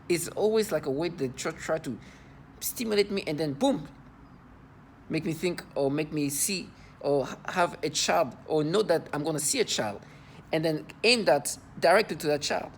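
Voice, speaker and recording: Indignant man, halting repeated words. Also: fairly high pitch, a little hiss or hum. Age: adult. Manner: indignant, disgusted. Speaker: vlogger. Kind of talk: agitated personal monologue.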